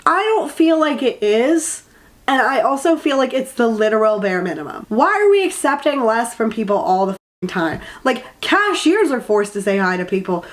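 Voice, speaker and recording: A woman's voice: fairly high pitch, very animated, moderate pace. Exasperated, sarcastic woman ranting about a book. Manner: swears freely and trails off. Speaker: book reviewer. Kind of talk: casual rant review.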